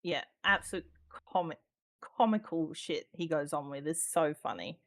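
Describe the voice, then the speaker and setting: Woman, Australian accent, low-pitched, casual podcast chat, swears, um-filled. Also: moderate pace, a bit bright. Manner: chatty, swears freely, many ums, laughs often. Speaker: podcast guest, roleplayer.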